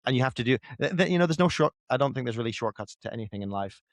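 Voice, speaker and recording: A man of middle pitch explains his ideas as a guest in a relaxed conversation, rambling and padding his sentences with fillers. His voice sits dry and close, with no room sound around it. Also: very fast, dry recording. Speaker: guest writer. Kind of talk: casual podcast conversation.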